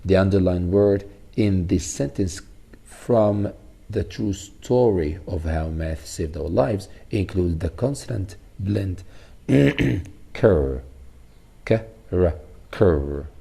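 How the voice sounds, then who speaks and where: A male teacher giving a recorded phonics lesson, explaining slowly and repeating sounds and example words. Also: deep voice, gravelly, warm tone, slightly rough.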